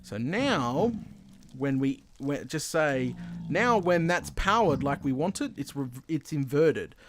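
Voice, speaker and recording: An Australian man chatting his way through his own gameplay, excitable and quick to laugh at himself. His voice sits a bit high and swings widely up and down. There is clear background noise throughout the home recording. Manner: excitable, chatty, self-deprecating. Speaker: gaming video host. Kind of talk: casual game commentary.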